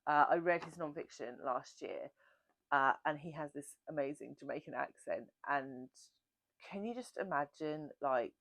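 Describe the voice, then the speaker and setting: A woman's voice: low voice, moderate pace, a bit bright, dry recording. A woman hosting a book channel, chatting casually and self-mockingly through a Q&A. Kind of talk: casual Q&A chat.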